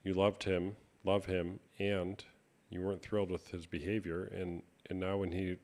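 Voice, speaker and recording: A man hosting a live stream chat, speaking in a calm, reflective coaching tone. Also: deep voice, moderate pace. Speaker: host.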